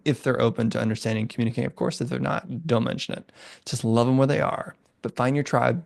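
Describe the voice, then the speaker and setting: A man's voice: mid-range voice, moderate pace, vocal fry, dry recording, clean studio sound. A man speaking as a podcast guest in casual conversation, rambling and acting out little bits of dialogue. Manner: rambling, acts out voices of friends.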